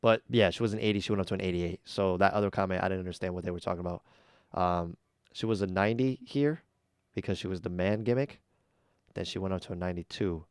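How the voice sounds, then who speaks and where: Low, smooth-voiced man giving blunt takes. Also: fast talker, no room sound, studio quality. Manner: blunt, chatty, many ums and uhs. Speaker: YouTube reaction host. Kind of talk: casual opinionated commentary.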